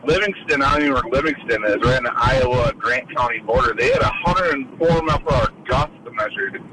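A man's voice: mid-range voice, fast talker. A man co-hosting a morning radio show, rambling through stories with lots of fillers. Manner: rambling, filler-heavy storytelling. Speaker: radio co-host. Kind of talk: casual morning radio banter. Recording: loud background noise.

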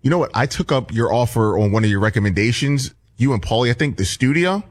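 A man's voice: mid-range voice, lively intonation, fast talker, no room sound. A man co-hosting a casual chat show, telling a gossipy anecdote. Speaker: co-host.

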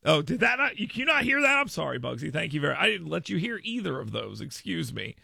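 High gravelly-voiced talk radio host. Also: male voice, big pitch swings, fast, bright, forceful tone, dry recording, studio quality. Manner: emphatic, repetitive, riffing with listeners. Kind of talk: casual talk radio monologue.

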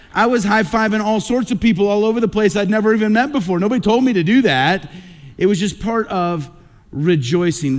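A middle-aged man, a pastor, preaching a sermon on a radio broadcast with earnest personal stories and emphatic repetition. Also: high voice.

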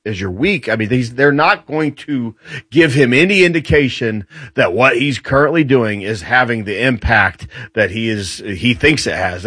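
A man with a mid-pitched voice explains world affairs as a talk show guest, his pitch swinging widely as he lays things out. He often restarts his sentences, and the sound is close and dry. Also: slightly rough, no room sound. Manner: animated explainer, quick restarts. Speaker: guest commentator on US military.

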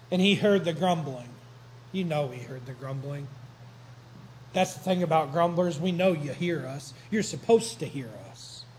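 A man's voice: a little high, darkish tone, slight background noise, rough recording. A man preaching a sermon to a congregation, retelling the story in a conversational, joking way. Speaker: pastor.

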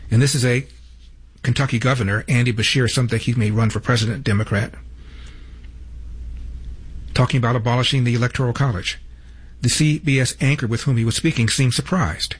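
A man's voice: medium pitch, steady tone, fairly quick, long pauses, husky. A man hosting a political commentary show, emphatic, stating figures and introducing numbered clips. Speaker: host.

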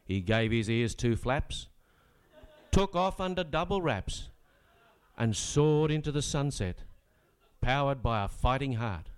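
A smooth, resonant Australian man recites a rollicking comic ballad, his pitch sitting in an ordinary middle range. He drops dry, sardonic asides between verses and talks into a stage microphone. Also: animated, measured pace.

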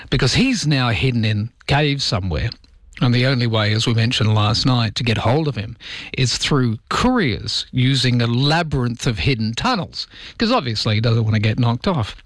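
A chatty man runs a morning show monologue, loose and conversational, with dry asides. His voice sits at an ordinary middle pitch. The sound is close and dry, with no room around it. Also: no echo. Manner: chatty, wry, mock-dramatic asides. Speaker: show host.

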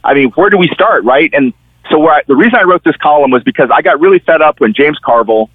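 Quick and animated, a middle-aged man with a fairly high voice delivers conversational political commentary as a guest. The newspaper columnist tells stories with energy and acts out the people he quotes. The recording is dry and comes through a tinny phone line.

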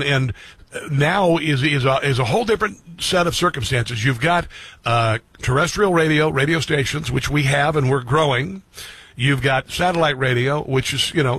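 Husky earnest male radio host. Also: mid-range voice, fairly bright tone, no echo. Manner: earnest, repetitive, restarts phrases. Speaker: radio and streaming show host. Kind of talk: reflective monologue to listeners.

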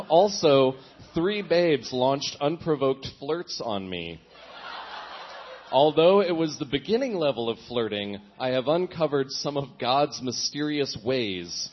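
A young man reads his old diary aloud for laughs, breaking off for self-mocking asides. His voice sits at a middle pitch and he chuckles often. The recording is dull and lo-fi. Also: lively intonation, slow pace, a little hiss or hum. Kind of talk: comic reading with asides.

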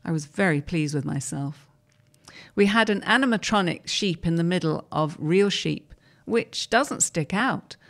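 Woman, lowish voice, steady reader. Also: measured pace, creaky. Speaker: reader of articles. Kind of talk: reading newspaper articles aloud.

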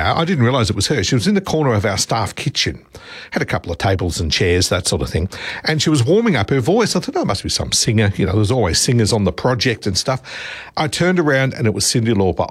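A man's voice: on the low side, breathy edge, dry recording. A middle-aged Australian man hosting a radio show, telling a chatty anecdote in a casual way. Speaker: radio host.

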